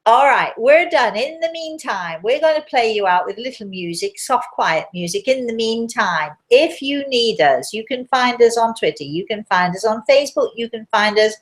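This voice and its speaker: A woman hosting a live talk show, telling a story in a chatty, animated way. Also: on the high side, moderate pace, hardly any pauses. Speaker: host.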